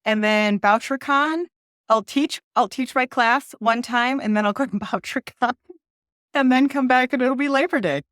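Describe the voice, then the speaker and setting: A woman's voice: a little high, normal speed, a bit bright, no echo, studio quality. A woman from Ohio, an author guesting on a podcast, chatting in a bubbly way and laughing often. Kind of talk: casual interview chat.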